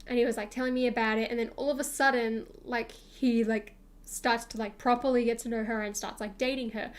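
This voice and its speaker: A woman's voice: fairly high pitch, fairly even intonation, a little fast. Chatty young woman telling a story. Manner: chatty, rambling with many fillers and acted-out quotes. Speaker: streamer. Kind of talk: casual storytime chat.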